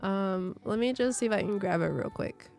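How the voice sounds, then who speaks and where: A young woman talks casually into a desk mic during a livestream, her voice strained and slightly congested from overuse. She rambles warmly from one story to the next, at an ordinary middle pitch. Soft music plays faintly underneath. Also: moderate pace, gravelly. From Australia. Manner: chatty, rambling, thanks viewers between stories. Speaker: streamer.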